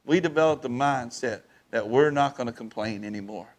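A man preaching a sermon in church, lively and folksy, calling out to the congregation. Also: medium pitch, fast talker, hardly any pauses. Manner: lively preaching with crowd call-outs and folksy grammar. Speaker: pastor.

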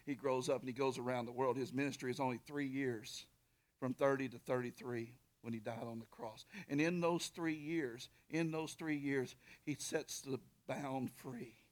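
A man preaching a sermon, telling a story with animated swings from shouting to whispering and calling out to the congregation. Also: medium pitch, normal speed. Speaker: pastor.

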